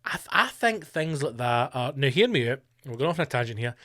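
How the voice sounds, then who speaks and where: A man's voice: medium pitch, sing-song, fairly quick, bright, forceful tone. A man hosting a podcast, delivering a profane, mocking comedic rant. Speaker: podcast host.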